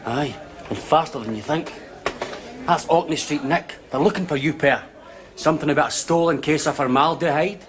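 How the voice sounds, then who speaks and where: A man's voice: on the high side, normal speed, fairly bright tone, close to an everyday voice. An actor playing a blunt, urgent man in a sitcom. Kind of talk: sitcom acting. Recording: sitcom with audience laughter.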